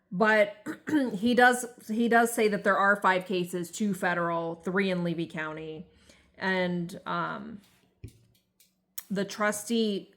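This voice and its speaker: A woman speaking slowly and deliberately in a casual chat. Her voice is bright and forward, and she fills in the details of the story in a measured way. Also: mid-range voice. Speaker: co-host.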